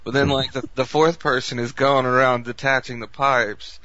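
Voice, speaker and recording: A young man co-hosting a casual podcast, telling stories with animated, profane energy. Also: medium pitch, normal speed, no echo. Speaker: podcast co-host. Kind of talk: casual chat. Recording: dull lo-fi podcast recording.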